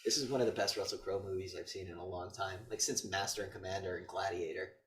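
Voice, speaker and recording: A man's voice: low-pitched, fast talker, noisy background. Swearing man recapping a movie. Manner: animated retelling with acted-out quotes, frequent swearing. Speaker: podcast co-host. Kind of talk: casual movie review chat.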